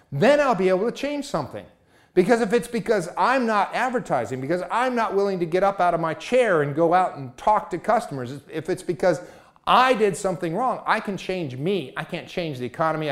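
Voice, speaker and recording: A man giving a motivational talk, emphatic and full of rhetorical questions. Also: high voice.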